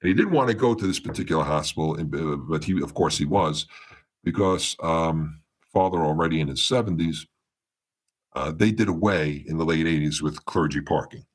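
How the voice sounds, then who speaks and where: A man with a strikingly low, deep voice tells a long story as a podcast guest. He rambles and restarts his sentences, and his voice jumps up and down as he acts out what people said. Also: moderate pace. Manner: meandering retelling with many restarts, acting out quoted dialogue. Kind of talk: storytelling in a casual interview.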